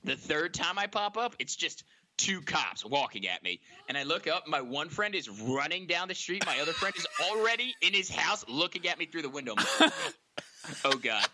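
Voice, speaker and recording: A young man telling a funny story on a podcast, acting out the quoted lines with loud, animated voices. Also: a little high, moderate pace. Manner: animated, acts out quotes loudly. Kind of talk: comedic storytelling.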